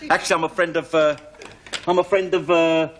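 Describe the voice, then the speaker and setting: An actor playing a cheeky burglar. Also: male voice, on the high side, little pitch movement, fairly quick, a bit bright, lightly acted. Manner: chatty, bluffing, full of tag questions. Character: cheeky middle-aged male burglar bluffing as a doctor. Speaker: comic actor in a sketch. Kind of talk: television sketch comedy acting. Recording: noisy old TV recording.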